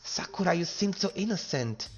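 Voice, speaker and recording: A man's voice: high voice, lively intonation, normal speed, lo-fi sound. Joking man playing a video game. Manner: joking, reads game text aloud and comments. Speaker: let's play gamer. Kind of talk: casual gameplay commentary.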